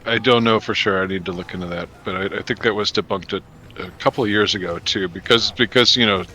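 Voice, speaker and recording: Bright-voiced man, chatty and laughing. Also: on the low side, brisk, a little hiss or hum. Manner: chatty, laughs often, jokey. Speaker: podcast host and co-player. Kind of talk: casual chat while gaming.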